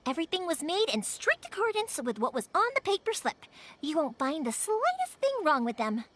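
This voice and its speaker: A woman's voice: extremely high pitch, wildly swooping pitch, fairly quick, a bit bright, exaggerated voice. A woman voicing a chatty young female fireworks maker in a game, bubbly and easily sidetracked. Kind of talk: game voice acting.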